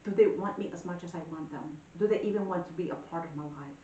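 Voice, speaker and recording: A woman giving a casual tarot reading, talking in a chatty, animated way with many fillers. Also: fast talker, distant mic, muffled recording. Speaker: tarot reader. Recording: echoey room, voice a bit off-mic, faint rumble.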